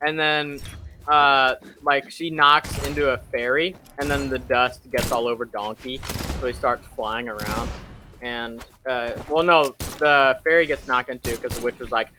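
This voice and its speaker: A man's voice: mid-range voice, fairly even intonation, measured pace, background noise. A young man hosting, casually retelling a film plot in rambling fashion, full of fillers and self-corrections. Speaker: host.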